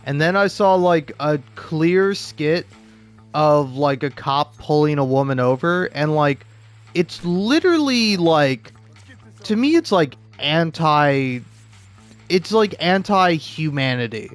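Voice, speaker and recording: A man's voice: on the high side, lively intonation, slow, smooth, soft background music. A young man streaming a game, rambling in casual chat with lots of fillers and restarts, sarcastic and profane.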